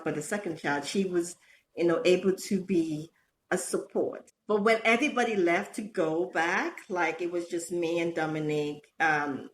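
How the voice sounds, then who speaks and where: Middle-aged woman guest, animated storyteller, laughs a lot, faint room hiss. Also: on the low side. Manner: animated, laughs often, acts out quotes. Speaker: podcast guest. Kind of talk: casual storytelling interview.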